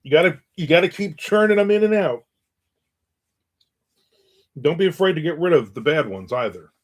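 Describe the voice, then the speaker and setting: A man's voice: on the high side, expressive, moderate pace. A man who writes books, hosting his own stream in casual talk, telling stories and reacting to viewer comments. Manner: rambling, anecdotal, reads viewer comments aloud. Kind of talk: casual chat and storytelling.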